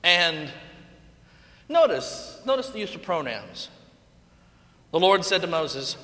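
A man preaching a sermon, telling the story in an animated way with playful asides. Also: sits high, a little slow, in a large hall.

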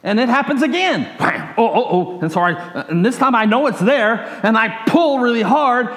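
Male pastor, storytelling sermon, high voice, animated chained phrasing, roomy echo. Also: normal speed. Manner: animated, builds excitement in long chains of "and".

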